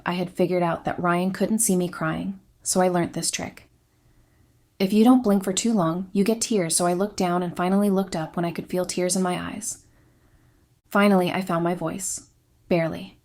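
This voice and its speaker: A woman reading a scripted first-person confession in a quiet, subdued, steady way. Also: lowish voice, moderate pace. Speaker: story narrator.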